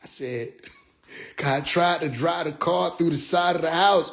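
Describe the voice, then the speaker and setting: A man's voice: a little slow, creaky. Young man telling a profane story. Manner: profane, animated, swings between loud outbursts and low asides. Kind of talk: casual personal storytelling.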